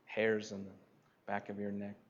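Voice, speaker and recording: A man preaching a sermon, deliberate and building to emphatic points. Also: on the low side, monotone, highs cut off. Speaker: pastor.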